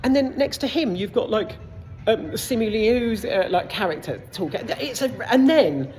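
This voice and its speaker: A woman's voice: a little high, lively intonation, normal speed, a little mellow. A woman giving a casual, rambling film review in a cinema foyer, full of side notes and the odd swear word.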